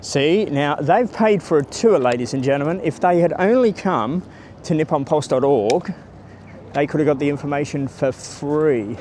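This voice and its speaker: A man's voice: a little high, expressive, normal speed, a little mellow, a little hiss or hum. A man giving a chatty, rambling walking-tour vlog outdoors by a stadium, filming on a handheld camera or phone and greeting passers-by. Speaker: travel vlogger.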